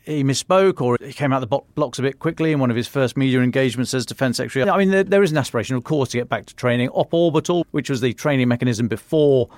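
A man's voice: medium pitch, quick pace, few pauses, a little mellow, no room sound. A man with a British accent discussing military matters in a conversational podcast chat, often restarting phrases and stressing points. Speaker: defence editor.

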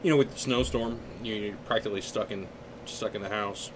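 A man's voice: lowish voice, steady tone, fairly quick. A man co-hosting a podcast, trading crude jokes in casual chat. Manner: joking, crude banter. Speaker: podcast co-host. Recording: noisy hissing recording.

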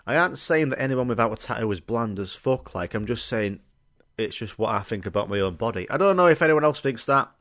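A man's voice: medium pitch, animated, brisk, fairly bright tone. A young man, telling rambling, sweary, jokey stories on his own podcast. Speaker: podcast host. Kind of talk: casual solo podcast storytelling.

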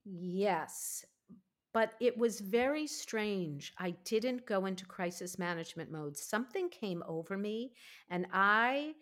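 A woman in her fifties, a podcast host, telling her own story in a candid, emphatic, animated way. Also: mid-range voice, takes it slowly. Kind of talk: candid conversational interview.

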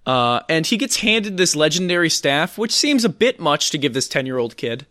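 A man's voice: fairly high pitch, very animated, normal speed, pushed and bright, no echo, studio quality. A man co-hosting a casual movie chat, sarcastic and rambling, with lots of fillers. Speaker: podcast co-host. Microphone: close to the mic.

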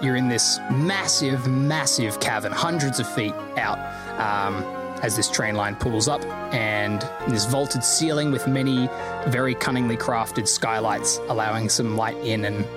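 A man narrating a tabletop game as game master, descriptive and rambling, often laughing. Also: medium pitch.

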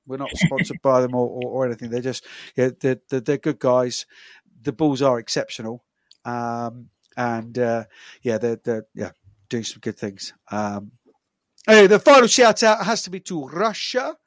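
A man co-hosting an easygoing podcast speaks in a mid-range voice at a measured pace, recorded dry. He rambles, often restarting and leaning on fillers.

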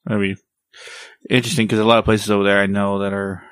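A man's voice: lowish voice, level tone, fast, a bit bright, clear, resonant tone, no echo. A man in his thirties co-hosting a casual podcast, laid-back and rambling, swearing now and then. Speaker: podcast co-host. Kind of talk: casual chat.

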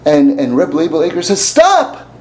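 Male preacher, lively storyteller, voice jumps around, slight background hum. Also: fairly high pitch, moderate pace, low-quality recording. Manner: animated, acts out voices in the stories, laughs often. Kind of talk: sermon with storytelling.

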